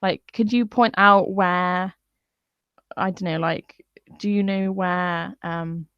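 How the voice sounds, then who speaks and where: A woman's voice: on the low side, fairly even intonation, slow, clean tone, dry recording. A woman venting in a profane, scornful live-stream rant. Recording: dull lo-fi dry sound.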